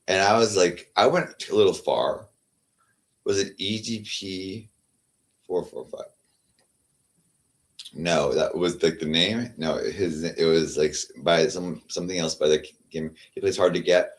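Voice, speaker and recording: A man chatting casually on a livestream, halting and repeating his words, trailing off and sometimes dropping to a murmur. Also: sits low. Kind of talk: rambling casual livestream chat.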